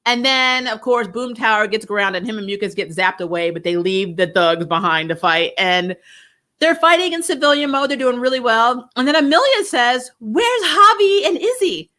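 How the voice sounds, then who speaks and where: A young adult woman giving a casual review, animated and laughing often as she mimics voices. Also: fairly high pitch, moderate pace. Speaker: show reviewer.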